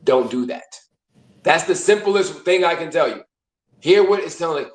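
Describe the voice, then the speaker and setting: A man's voice: on the high side, lively intonation, moderate pace. Chatty man in an echoey room. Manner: conversational, explaining, acts out inner voices. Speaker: host. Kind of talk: casual talk on emotions.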